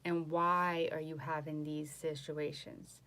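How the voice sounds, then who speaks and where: A woman tarot reader chatting casually on a live stream from home, boastful and animated, mocking others in voices. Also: low voice, slow.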